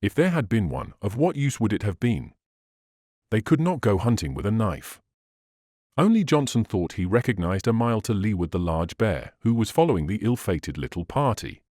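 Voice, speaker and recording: A man narrating a classic adventure novel as an audiobook reader, in an expressive, measured way. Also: on the low side, no room sound, studio quality. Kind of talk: scripted narration.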